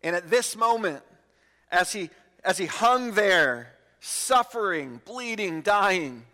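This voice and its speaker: A man preaching a sermon as pastor, earnest, slowing down to stress key words. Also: high-pitched, expressive, sharp tone, long reverb tail. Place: church sanctuary.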